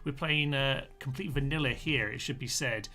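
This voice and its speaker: Bright-voiced chatty game streamer. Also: male voice, mid-range voice, moderate pace. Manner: chatty, reads out chat comments with frequent ums. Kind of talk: live-streamed gameplay commentary.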